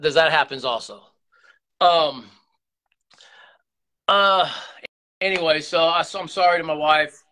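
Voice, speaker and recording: Earnest, rambling man with a bright voice. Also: a little high. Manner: rambling, earnest, many restarts and repeated words. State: emotional, close to tears. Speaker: YouTube channel host. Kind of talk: candid confessional vlog talk.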